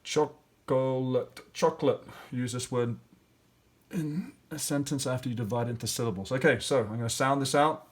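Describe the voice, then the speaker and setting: A man's voice: mid-range voice, a little fast. A male teacher walking through grammar and spelling exercises step by step, thinking aloud with fillers. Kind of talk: classroom lesson walkthrough.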